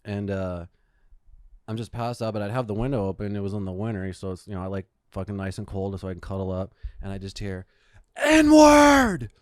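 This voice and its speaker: A man's voice: low voice, flat delivery, fast, warm tone, clear, resonant tone, dry recording, clean studio sound. A man hosting a podcast, telling rambling profane stories in casual chat. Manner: profane storytelling, swears a lot. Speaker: podcast host. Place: Phoenix, Arizona.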